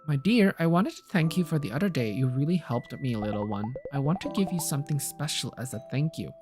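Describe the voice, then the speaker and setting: A woman reading as a gentle motherly mentor. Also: low voice, expressive, music in the background. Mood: tender. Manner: soft, tender, slow reassuring lines.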